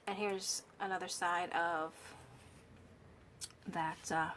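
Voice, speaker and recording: A woman gushes softly over a handmade journal in a home craft space, filmed by a camera on a stand. Her voice is a little worn, and her talk is full of fillers and restarts. A faint hum of room noise sits behind her. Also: on the low side, steady tone, slow. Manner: gushing, admiring, with fillers and restarts. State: slightly losing her voice. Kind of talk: casual show-and-tell walkthrough.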